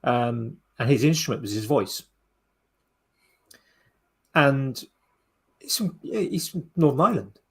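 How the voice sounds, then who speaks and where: A man's voice: medium pitch, very animated, unhurried, long pauses, breathy edge. A man co-hosting a podcast, chatting casually and rambling with many restarts and fillers. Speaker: podcast co-host. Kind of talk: casual chat.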